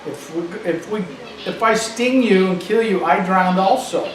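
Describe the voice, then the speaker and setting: A man's voice: high voice, unhurried. A man voicing a sly scorpion from a fable. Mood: persuading. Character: scheming male scorpion from a fable. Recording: echoey room, distant mic.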